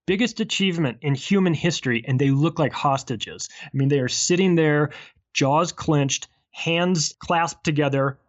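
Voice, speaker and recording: A man who is an author and podcast guest, talking in a chatty, animated way and acting out small exchanges. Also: on the high side, normal speed, lo-fi sound. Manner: chatty and animated, acts out little dialogues. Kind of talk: casual conversational interview.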